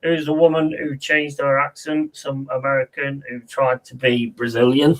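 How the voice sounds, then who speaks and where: A man with a medium-pitched, level voice at normal speed hosts a football watch-along. Chatty and laddish, he calls the play casually and reads out viewers' chat before answering it.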